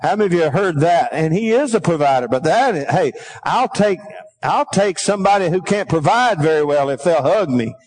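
High-voiced preacher calling for amens. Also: male voice, expressive, normal speed, a little mellow. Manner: calls for congregation responses; folksy storytelling, drops to a low aside. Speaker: pastor. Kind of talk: sermon.

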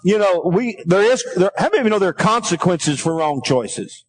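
A middle-aged man preaching with a notably high voice, urging the congregation to answer him. He mixes scripture with folksy, homespun asides. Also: sing-song, fairly quick, breathy edge. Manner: calls for congregation responses; folksy storytelling, drops to a low aside. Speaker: pastor. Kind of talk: sermon.

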